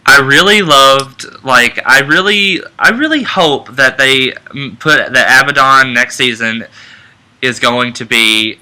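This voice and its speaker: A man's voice: mid-range voice, slow, pushed and bright, rough recording. A man co-hosting a casual fan chat who rambles eagerly, often restarting his sentences and losing track of his words. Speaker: co-host.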